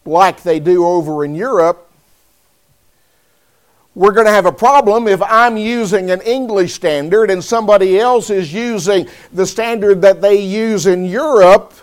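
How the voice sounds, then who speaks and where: A man preaching a sermon, speaking deliberately and calling on listeners by name. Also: high-pitched.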